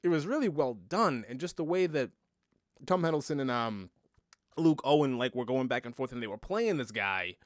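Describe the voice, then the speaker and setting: Man, podcast co-host, halting, many fillers, trails off, dry mic. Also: mid-range voice, expressive, no echo. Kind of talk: casual review chat.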